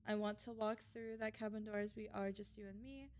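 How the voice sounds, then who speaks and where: A woman voicing a tender, nervous princess in a video game, reading her lines in a quiet, soft voice. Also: mid-range voice, animated, moderate pace, slightly rough, pitched below the performer's own voice. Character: tender young princess, brave but nervous.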